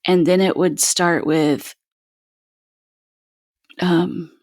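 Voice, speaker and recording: A woman, a podcast host sitting in the guest seat, candidly recounts her own hard story in a halting, raw way, with frequent "like" and "um". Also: lowish voice, fairly even intonation, darkish tone, no echo, clean studio sound. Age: adult with children.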